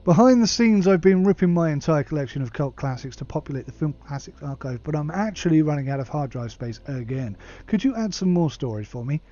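A man voicing an eager young male film fan in a put-on American accent, high and overexcited. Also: lively intonation, a little fast, few pauses, dark tone, muffled recording, close to an everyday voice.

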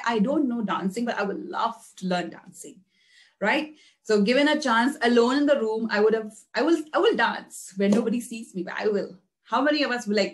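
A woman teacher giving an interactive class, asking her listeners questions and repeating herself as she explains. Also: a little high. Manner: asks the class questions, repeats words, animated. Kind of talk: interactive online class talk.

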